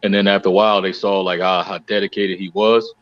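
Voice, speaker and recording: A man's voice: low voice, level tone, fast, no room sound, dull audio. A man co-hosting a casual chat, talking in a laid-back, rambling way.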